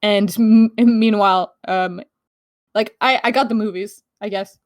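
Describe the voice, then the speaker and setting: A woman co-hosting a casual podcast chat, talking in a lively, quick way, laughing and swearing casually. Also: mid-range voice, no room sound, clean studio sound. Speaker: podcast co-host.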